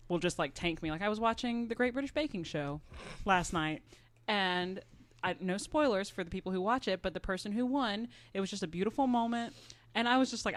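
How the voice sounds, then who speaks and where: A woman's voice: lowish voice, dry recording. A woman co-hosting a podcast in casual chat, candid and swearing freely, laughing often. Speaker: podcast co-host.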